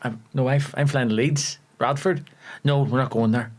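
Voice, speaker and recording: A young man with a Belfast accent, an actor telling animated stories on a podcast and laughing often. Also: mid-range voice, moderate pace. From Northern Ireland. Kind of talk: casual storytelling chat. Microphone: podcast studio mic.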